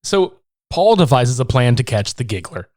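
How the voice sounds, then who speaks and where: A man co-hosting a casual movie review podcast, animated and profane, joking around. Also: medium pitch, normal speed, dry recording, studio quality. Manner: animated, profane, breaks into silly voices. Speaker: podcast co-host.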